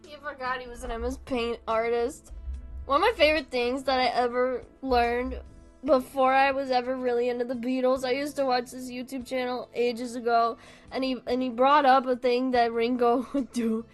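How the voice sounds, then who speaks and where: A woman's voice: sits high, little pitch movement, normal speed, soft background music. A woman livestreaming in a casual chat, giggly and swearing often, laughing through her sentences.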